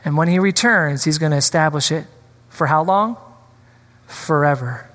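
A man preaching a sermon in a church, animated and acting out scripture scenes with changing voices. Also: a little high, normal speed. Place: church sanctuary. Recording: long hall reverb.

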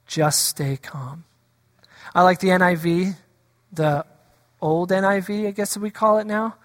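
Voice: medium pitch, steady tone, moderate pace, long reverb tail. A pastor preaching a sermon in a church, asking the congregation rhetorical questions and acting out the voices of scripture. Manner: acts out quoted voices of scripture. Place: church sanctuary.

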